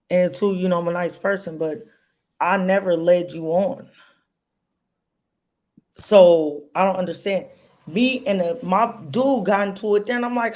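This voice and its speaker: A woman's voice: on the high side, normal speed. A woman on a podcast in casual chat, telling stories bluntly and cursing freely. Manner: blunt, profane storytelling.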